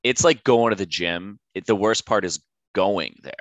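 A man's voice: on the low side, normal speed, no room sound. A young adult man co-hosting a podcast, rambling in casual chat with lots of fillers. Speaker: podcast co-host.

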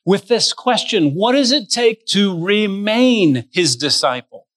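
A man's sermon voice, pitched a little high and very bright, delivered at a slow, deliberate pace. He preaches with emphasis and leans hard on key words as he speaks straight to his congregation. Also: animated, no room sound. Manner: addresses listeners directly. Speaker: pastor.

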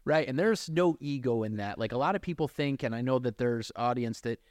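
A man hosts a podcast in a casual, conversational way, steering with probing questions. His pitch is average, and the recording is close and dry. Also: brisk, no echo. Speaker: podcast host.

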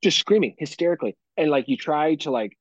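A man co-hosting a podcast in casual chat, swearing freely and telling animated stories about his kids. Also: a little high, brisk, husky, dry recording, dull audio. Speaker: podcast co-host.

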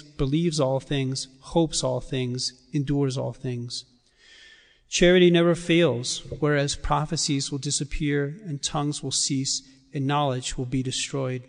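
A priest reading scripture and preaching a sermon in a measured, emphatic way with deliberate pauses. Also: male voice, a little high. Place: church. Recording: church hall reverb.

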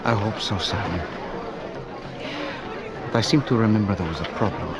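An actor playing Jesus as a calm man with a deep, unhurried voice and dry humor, in a film clip. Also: very noisy, lightly acted. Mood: teasing. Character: calm, gently teasing male Jesus. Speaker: film character. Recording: film clip over loud feast crowd.

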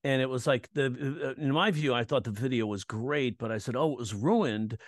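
A comedian and comedy coach speaks at medium pitch and normal speed, with clean studio sound and no echo. In a casual interview he tells stories animatedly, acting out the voices of the people he quotes.

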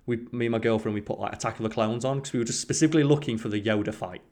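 A man's voice: medium pitch, very fast, a little mellow. A man co-hosting a podcast, chatting casually and rambling with lots of fillers. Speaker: podcast co-host. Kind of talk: casual chat.

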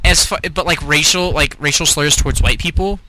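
A man's voice: a little high, fairly quick, slight background noise, low-quality recording. A young man co-hosting a podcast, chatting casually and telling stories full of swearing. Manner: profane, animated storytelling. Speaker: podcast co-host. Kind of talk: casual chat.

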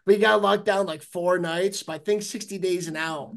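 Excitable fast-talking podcast host. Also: male voice, high-pitched, creaky. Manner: excitable, swears freely. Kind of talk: casual chat.

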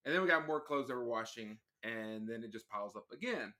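A man's voice: mid-range voice, lively intonation, fairly quick, bright, forceful tone. A man guesting on a podcast with his wife, chatting in an easygoing, rambling way and often restarting his sentences. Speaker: podcast guest, co-host's husband. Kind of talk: casual chat.

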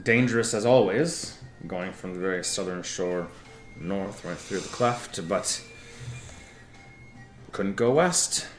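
A man narrating a tabletop game as game master, telling a character's backstory in a slow, drawn-out way with laughs and restarts. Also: low-pitched, roomy sound, faint music behind.

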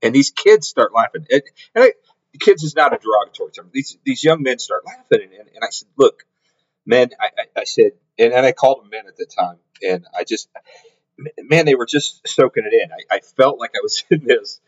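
With a medium pitch and a fairly quick, animated delivery, a middle-aged man spins a story in a casual podcast monologue. He rambles, restarts and repeats himself, captured in slightly dull lo-fi sound.

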